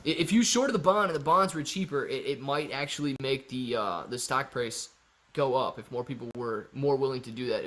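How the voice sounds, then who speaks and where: A man's voice: on the high side, fairly bright tone. A man hosting a live stream, chatting casually with viewers, reading out their questions and explaining his answers in a laid-back way.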